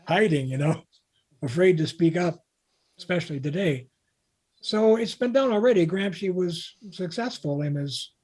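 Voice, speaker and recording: An older man from Canada speaks as a guest in an interview, telling one anecdote after another. His voice sits a little high for a man, and he rambles along with frequent restarts. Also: darkish tone. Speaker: guest, author. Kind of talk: casual interview talk.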